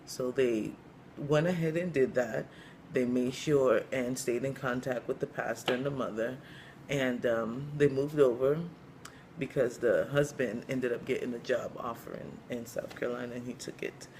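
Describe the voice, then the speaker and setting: A man telling a long story joke in a casual, rambling way, with lots of you-knows and pauses. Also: mid-range voice, steady tone, darkish tone, slight background noise. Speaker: comedian storyteller.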